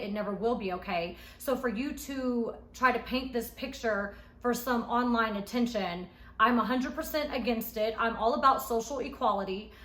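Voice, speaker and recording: Bright-voiced woman in an echoey room. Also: fairly high pitch. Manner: animated, emphatic storytelling. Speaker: reality show cast member reviewing her episode. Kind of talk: casual recap vlog.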